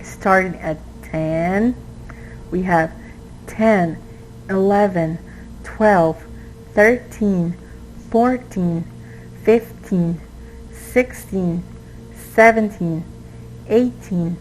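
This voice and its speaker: Female ESL teacher, Portuguese native speaker, mid-pitched, deliberate patient delivery, faint background noise. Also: poor audio. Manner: slow, patient, stresses syllables when modeling words. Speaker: English teacher. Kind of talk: exam review lesson.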